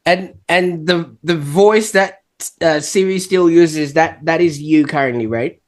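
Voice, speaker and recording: A man hosting an interview podcast, asking questions haltingly and repeating words as he builds them. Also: a little high. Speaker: podcast host.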